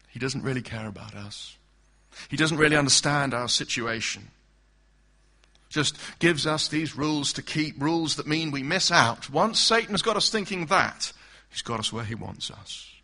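A man's voice: medium pitch, normal speed, bright, forceful tone. A man preaching an expository sermon in an earnest, emphatic way, asking the congregation direct questions.

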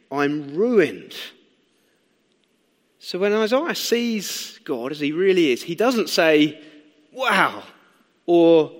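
A young man preaching a sermon in a conversational, animated way, asking the listeners questions as he explains and tells stories. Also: fairly high pitch. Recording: long hall reverb.

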